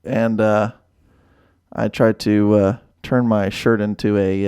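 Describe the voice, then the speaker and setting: A man's voice: on the low side, flat delivery, slow pace, a little mellow, clear, resonant tone, no room sound, clean studio sound. A man in his thirties co-hosting a podcast, telling an embarrassing story sheepishly and swearing now and then. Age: 30s. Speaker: podcast co-host. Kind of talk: casual storytelling chat.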